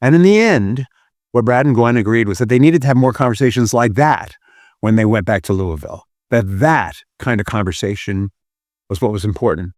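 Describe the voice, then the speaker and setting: A man's voice: medium pitch, lively intonation, fairly quick, a little mellow, dry recording, clean studio sound. A man hosting a relationship podcast, teaching through a retold story in an earnest, emphatic way.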